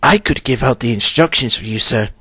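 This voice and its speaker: A man's voice: medium pitch, fairly quick, background noise, close to an everyday voice. A man voicing a polite, eager male steam engine in a fan audio story, speaking courteously and repeating instructions back. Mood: earnest.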